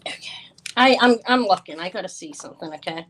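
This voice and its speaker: A woman's voice: fairly low pitch, expressive, quick pace, fairly bright tone, slight background noise, rough recording. A tired, stressed woman hosting a live jewelry sale, talking in a flustered, apologetic way with many stumbling restarts. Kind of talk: live-stream sales chat.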